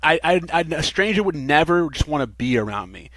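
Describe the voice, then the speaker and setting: A man in casual interview talk, telling his recovery story in an earnest, animated way and laughing now and then. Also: fairly high pitch, brisk, dry recording. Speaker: podcast guest.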